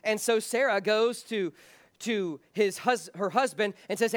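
A man's voice: high-pitched, a little slow, dry recording. A man preaching a sermon as pastor, speaking earnestly and frankly, often restarting his phrases.

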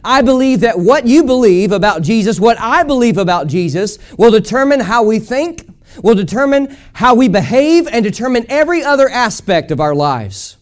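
A man with a notably high voice preaching a sermon at a church service. He hammers points home through rhythmic repetition and asks the congregation to speak with him. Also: big pitch swings, normal speed. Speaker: pastor.

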